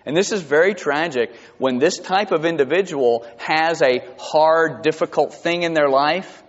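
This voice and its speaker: A man preaching a sermon to his congregation, animated and rising to high emphatic peaks. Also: a little slow. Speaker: pastor. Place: church sanctuary. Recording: dull sound with long hall reverb.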